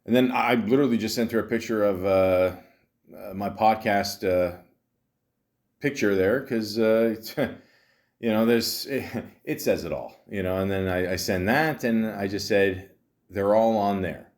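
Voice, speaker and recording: A man's voice: on the low side, measured pace. Wry rambling man in his forties. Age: 40s. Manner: rambling, full of fillers and self-corrections, wry and jokey. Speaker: podcast host. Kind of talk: casual storytelling monologue.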